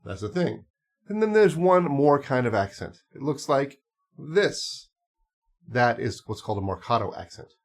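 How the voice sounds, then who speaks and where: Male music teacher, mid pitch, easygoing explainer with fillers. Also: normal speed. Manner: relaxed, explains with asides and fillers. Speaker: clarinet teacher. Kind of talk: casual instructional talk.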